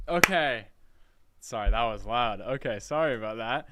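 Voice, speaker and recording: A man's voice: mid-range voice, expressive, moderate pace, a bit bright, slight background noise. A young man casually chatting on a live stream from his college dorm room, scattered and laughing as he reads out chat. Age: young adult. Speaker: livestreamer.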